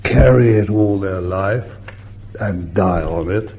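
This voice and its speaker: An older man preaching a sermon, swinging between loud emphatic bursts and soft hushed asides, on a muffled old recording with faint hiss. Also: sits low, takes it slowly.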